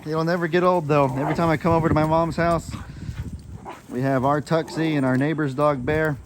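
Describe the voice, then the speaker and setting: A man's voice: flat delivery, brisk, background noise. A man vlogging casually, chatting about his dogs and the farm. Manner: chatty, talks to his dogs in a high coaxing voice. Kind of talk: casual vlog chat.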